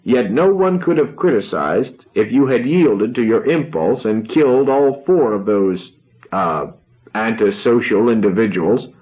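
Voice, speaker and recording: A man reading a novel aloud, voicing a grandiose young orator who speaks solemnly with dramatic pauses. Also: lowish voice, lively intonation, dull audio.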